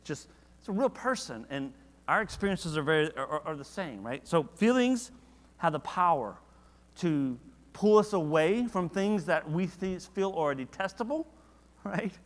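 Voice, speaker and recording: A man's voice: fairly high pitch, unhurried, big-room sound. A man leading a church Bible study in a casual, conversational way, often asking the class questions. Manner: conversational, asks the class questions, animated when reading verses.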